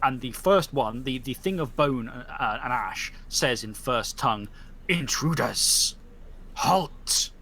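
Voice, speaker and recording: A man's voice: mid-range voice, a little slow, hardly any pauses, sharp tone. A man narrating as game master in a tabletop game, describing scenes with many fillers and restarts.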